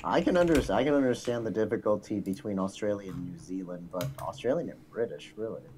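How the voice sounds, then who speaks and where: A man's voice: lowish voice, lively intonation, fast, a little mellow, slight background noise. A man co-hosting a podcast, chatting casually and swearing a lot while he jokes around. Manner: crude, swearing, joking. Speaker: podcast co-host. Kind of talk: casual chat.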